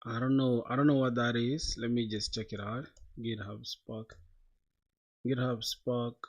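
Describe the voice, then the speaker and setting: This is casual chat from a young adult coding livestreamer who talks to his chat in a loose, slangy way, dropping "bro" constantly. He speaks at a measured pace in a mid-range voice with a level tone.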